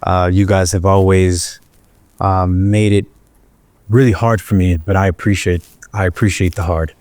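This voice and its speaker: Give me a low-voiced man, easygoing, playing along in a comedy interview, dry close sound. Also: fairly even intonation, moderate pace, darkish tone, no echo. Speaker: guest singer.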